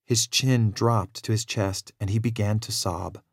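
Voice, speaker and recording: Low-voiced man reading a storybook. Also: fairly even intonation, unhurried, creaky, no echo. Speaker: narrator. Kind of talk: scripted storybook narration.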